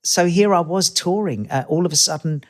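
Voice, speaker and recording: A man's voice: on the high side, moderate pace. A man, a guest telling rambling stories in a casual interview and acting out the voices of people he quotes. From Australia. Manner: chatty, rambling anecdotes, acts out quoted voices.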